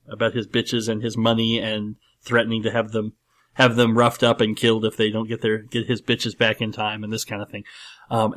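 In a casual podcast discussion of a film, a man with a medium-pitched, slightly bright voice rambles emphatically. He uses many fillers and keeps restarting his sentences.

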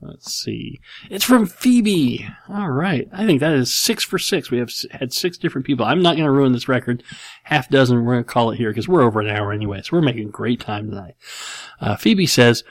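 Listener questions get read out and answered by a casual show host in his forties, who rambles, pokes fun at himself, and chuckles often. His mid-range voice is expressive and moderately paced, and the recording is dry.

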